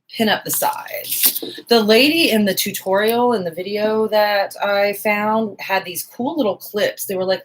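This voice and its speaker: A woman's voice: mid-range voice, rough recording. A woman in her forties, hosting a casual live stream at home, chatting with viewers and joking at herself while she sews. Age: 40s. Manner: chatty, self-mocking, talks to viewers while working. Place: home sewing room, indoors, fan running.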